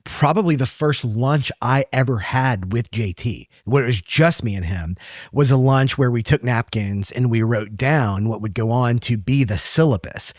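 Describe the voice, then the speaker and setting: A man appearing as a podcast guest, telling a story in relaxed casual chat and hedging with fillers. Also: mid-range voice, normal speed, dry recording, studio quality.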